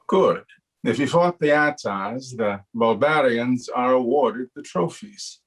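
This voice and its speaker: A man voicing a stern male official who questions a hunter in clipped, measured lines during a recorded voice-acting session. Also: medium pitch, poor audio.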